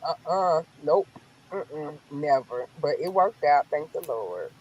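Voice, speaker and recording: A woman with a Southern US accent, telling stories in a sassy, blunt, animated way during a casual chat. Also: deep voice, slow pace, muffled recording, slight background noise. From American South.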